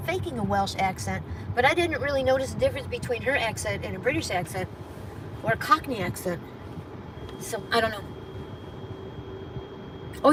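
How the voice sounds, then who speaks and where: Chatty woman vlogging from a noisy car. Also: on the high side. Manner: chatty, rambling, talks to viewers while driving. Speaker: gig driver vlogger. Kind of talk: casual chat to live viewers. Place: in a car on the road. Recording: distant phone mic with loud road noise.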